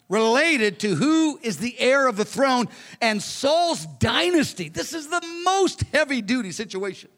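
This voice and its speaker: A high-voiced man preaches a verse-by-verse Bible teaching, animated and conversational, slipping into the characters as he goes. His voice carries with a long reverb through a church hall. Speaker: pastor.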